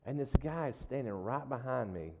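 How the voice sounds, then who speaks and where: A man's voice: mid-range voice, expressive, normal speed, noisy background. A man preaching in a casual, folksy storytelling style, with frequent asides to the congregation. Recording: dull lo-fi sound with long hall reverb.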